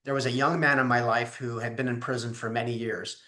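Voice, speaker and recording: A man's voice: medium pitch, a little fast. Storytelling man in a roomy echo. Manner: animated, acts out voices in his stories. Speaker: guest leadership teacher. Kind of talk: conversational storytelling.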